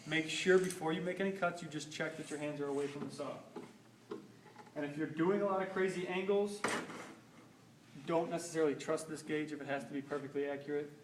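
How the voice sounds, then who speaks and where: A man's voice: a little high, a little fast, noisy background. A young man casually demonstrating band saw safety in a school workshop, moving around the machine as he explains. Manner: informal, repeats "basically" and "rule of thumb". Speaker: shop safety instructor. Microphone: camera microphone from a distance. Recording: roomy, distant camera audio.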